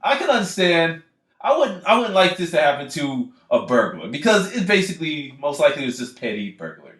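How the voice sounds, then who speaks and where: In an echoey room, a podcast co-host spins rambling, profanity-laced stories and laughs frequently. His voice is fairly high, sing-song, a bit bright, and fairly quick.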